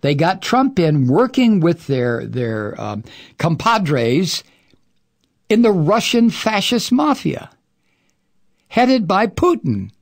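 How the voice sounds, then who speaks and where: A man's voice: high voice, very animated. Older guy ranting on his talk show, lots of swearing and sarcasm, voice swings all over. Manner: profane, sarcastic, emphatic, drawn-out words for effect. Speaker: political talk radio host. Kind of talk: angry political commentary monologue.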